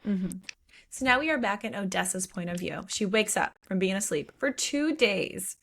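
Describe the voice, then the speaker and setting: A woman's voice: mid-range voice, moderate pace, creaky. A woman co-hosting a podcast, casually recapping a book and acting out the characters' lines with swearing and exclamations. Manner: animated retelling with voiced quotes and swearing. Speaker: podcast co-host.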